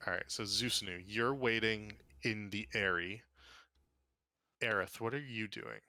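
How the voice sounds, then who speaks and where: A man's voice: lowish voice, bright, forceful tone, no room sound. A man narrating as game master in a tabletop game, casual and full of fillers. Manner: casual, quick, many fillers.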